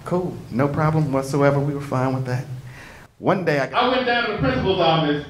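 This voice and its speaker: A man from Chicago doing punchy, animated stand-up comedy as host on a stage mic. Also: on the high side, a little fast, slight background noise. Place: comedy stage before an audience.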